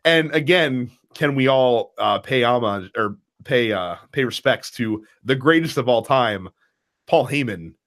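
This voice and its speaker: Animated laughing man talking wrestling. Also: mid-range voice, unhurried. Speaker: wrestling podcast co-host. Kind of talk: casual chat.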